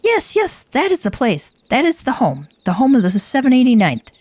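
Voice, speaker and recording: A woman's voice: sits high, wildly swooping pitch, moderate pace, darkish tone, husky, no echo, voice pushed up, full character voice. A woman voicing a frantic captured kobold creature in a video game, babbling and repeating itself in panic.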